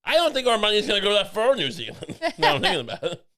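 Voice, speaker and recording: A man's voice: high voice, huge pitch swings, very fast, pushed and bright. A young man co-hosting a comedy podcast, joking and rambling with lots of restarts. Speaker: podcast co-host. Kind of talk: casual comedic chat.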